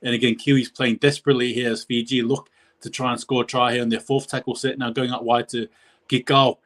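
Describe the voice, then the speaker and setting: A man's voice: mid-range voice, level tone, quick pace, fairly bright tone. A man giving live play-by-play commentary on a match as a stream host, rambling and correcting himself, his voice jumping up at big plays.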